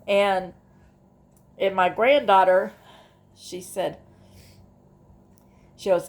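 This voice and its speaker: Slow, gravelly woman vlogging. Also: on the low side. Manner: rambling, with many restarts and asides. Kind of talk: casual talk to camera about grief.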